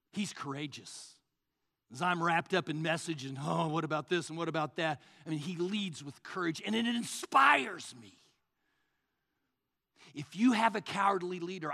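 A male pastor preaching a sermon, swinging between loud, rising passages and hushed, low asides. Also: creaky, big-room sound.

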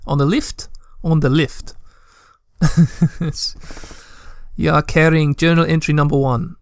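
A man's voice: fairly high pitch, level tone, slow, clear, resonant tone, no echo, clean studio sound. A young man reading a text adventure aloud in a let's play, with chatty, joking asides.

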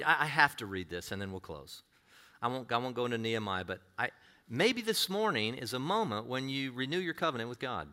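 A man preaching a sermon, moving from easy conversational talk to loud, impassioned preaching, often repeating and restarting words. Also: mid-range voice. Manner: repeats and restarts words, acts out quoted voices. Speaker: pastor.

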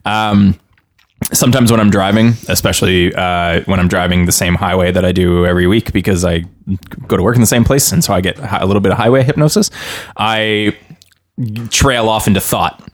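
A man's voice: deep voice, brisk. A man co-hosting a podcast who rambles reflectively in casual chat, with restarts and chuckles. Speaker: podcast co-host.

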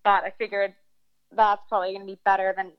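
A woman in her thirties tells a story in an animated, casual way, swearing freely and acting out the people in it. Her voice sits at a middle pitch. The recording is dull and lo-fi. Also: fast, clean tone. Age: 30s. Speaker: guest storyteller. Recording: dull lo-fi sound.

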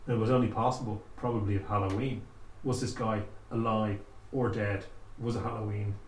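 A man telling a spooky folk tale aloud, with slow, dramatic pauses. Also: lowish voice, flat delivery, a little hiss or hum. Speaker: storyteller. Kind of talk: oral storytelling. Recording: echoey room, faint ambience.

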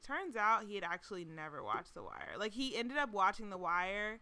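A woman's voice: medium pitch, sing-song, normal speed, hardly any pauses, bright, forceful tone. A woman co-hosting a podcast, telling a dating story in a chatty, laughing way. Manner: chatty, sarcastic, laughs often. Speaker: podcast co-host. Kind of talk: casual storytelling chat.

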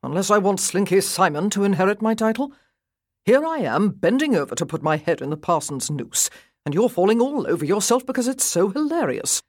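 A woman's voice: mid-range voice, sing-song, a little fast, no room sound, studio quality. A woman reading as a blunt, impatient young earl who thinks mostly of horses, speaking in curt commands.

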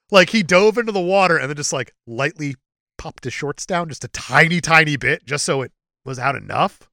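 A man's voice: a little high, moderate pace, vocal fry, sharp tone, no echo, studio quality. A man co-hosting a casual movie podcast, joking and riffing in silly voices. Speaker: podcast co-host.

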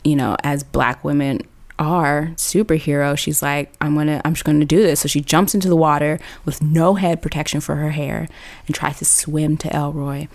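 A woman's voice: low-pitched, steady tone, moderate pace. A woman host telling a comic story in a casual, slangy way, laughing often. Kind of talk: comedic storytelling.

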